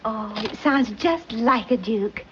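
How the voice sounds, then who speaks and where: A refined, fussy society mother with a high, animated voice. She speaks genteelly and carefully, in 1940s film style. The sound is dull with a faint hiss. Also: slow pace.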